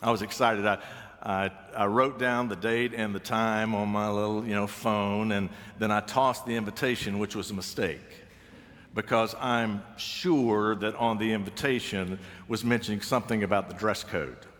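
A man's voice: on the low side, steady tone, moderate pace, fairly bright tone. A man preaching a sermon, telling stories with dry humor and acting out the voices he quotes. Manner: wry storytelling, acts out quoted voices. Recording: long reverb of a large hall.

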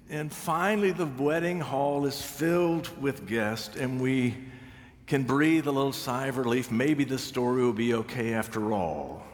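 A man preaching a sermon, telling stories with dry humor and acting out the voices he quotes. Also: mid-range voice. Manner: wry storytelling, acts out quoted voices. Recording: long reverb of a large hall.

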